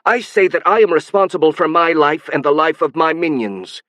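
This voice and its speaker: A man voicing a shrill alien hive queen. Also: moderate pace, sharp tone, dry recording. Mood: defiant. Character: alien insect hive queen, proud and stubborn. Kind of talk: audiobook narration.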